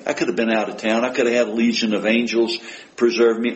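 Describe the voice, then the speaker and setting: Emphatic male preacher, soft to rising. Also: medium pitch, steady tone, brisk, rough recording. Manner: emphatic, rhetorical questions, quotes scripture with rising intensity; drops to a hushed voice for heartfelt prayers. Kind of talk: sermon.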